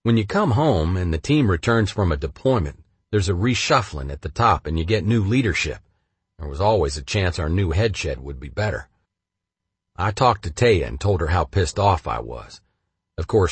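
A man narrating his memoir in the first person, blunt and profane, swinging between flat and heated. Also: deep voice, normal speed, slightly rough, no echo.

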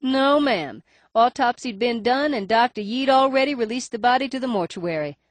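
A woman's voice: on the high side, lively intonation, normal speed, dry recording, pitched above the performer's own voice, close to an everyday voice. A woman voicing a blunt, teasing middle-aged female police records clerk with a nasal voice and a faint lisp, in an audiobook. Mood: emphatic gossipy. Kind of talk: audiobook character voice.

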